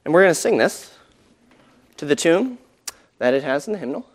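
A man with a high, light voice teaches a church class about hymn tunes. He talks casually, with fillers and restarts, and hums short snatches of melody to show his points. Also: very animated, moderate pace.

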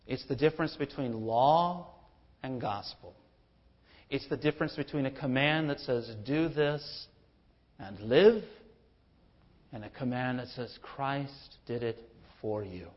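A man's voice: medium pitch, lo-fi sound. A man preaching a sermon as pastor, building to emphatic rhetorical questions.

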